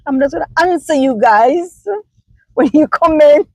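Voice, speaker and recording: A woman's voice: high voice, measured pace, no echo, rough recording. A woman from Jamaica with a Jamaican accent, talking casually and animatedly to her viewers as a vlogger, answering their comments.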